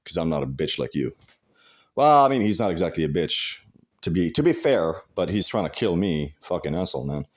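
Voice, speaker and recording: A man's voice: low voice, sing-song, a little fast. A man in a casual rant, profane and agitated, swearing heavily and restarting his sentences. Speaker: vlogger.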